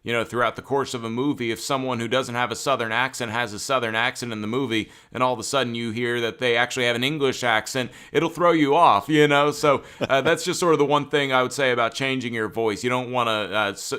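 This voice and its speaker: A young man co-hosting a casual sports-broadcasting chat, talking conversationally with many fillers and getting animated when excited. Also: medium pitch, a little fast, few pauses, clean tone. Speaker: co-host.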